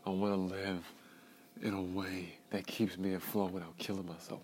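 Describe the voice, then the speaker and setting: A young man from Georgia hosting a solo podcast, talking in a profane, rambling, emotionally raw way that swings from muttering to loud outbursts. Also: low-pitched, little pitch movement, normal speed, slight background noise, rough recording. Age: young adult. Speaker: podcast host.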